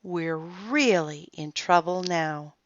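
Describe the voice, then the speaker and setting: A woman's voice: fairly low pitch, slow pace, no echo. A woman voicing a cautious, grumbling young boy in a storybook reading, with a tense, exasperated manner. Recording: dull lo-fi sound.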